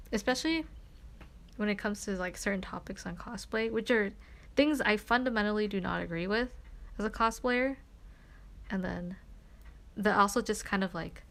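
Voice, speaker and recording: Young woman, streamer, casual chat, animated storytelling, lots of fillers. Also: mid-range voice.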